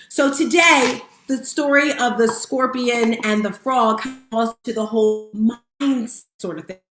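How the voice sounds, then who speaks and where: Woman motivational speaker on a live stream: casual, emotional, higher pitched, roomy sound. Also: measured pace, few pauses, a bit bright, a little hiss or hum. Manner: candid, emotional, casual, addresses viewers as guys. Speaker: motivational speaker and fitness instructor. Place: room at home with lights set up. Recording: roomy echo.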